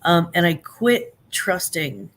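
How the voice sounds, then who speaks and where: A woman's voice: on the low side, lively intonation, takes it slowly, a bit bright. Rambling woman hosting a casual live chat. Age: 50s. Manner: rambling, with many fillers and restarts; laughs often between remarks. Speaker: live stream host.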